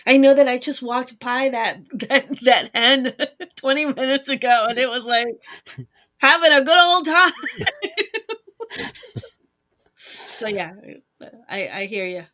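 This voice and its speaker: A woman from Puerto Rico co-hosting a casual chat show, telling lively stories, acting out quoted voices and laughing often. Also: sits high, slow, long pauses. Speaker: co-host.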